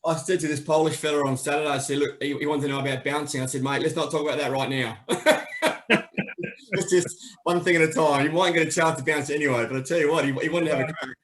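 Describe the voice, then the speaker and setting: A man's voice: on the high side, fairly even intonation, fast. An Australian man, a PE teacher, chatting in a jokey way on a video call. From Adelaide, Australia. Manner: jokey, laughs easily. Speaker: club member and PE teacher. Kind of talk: casual chat on a video call.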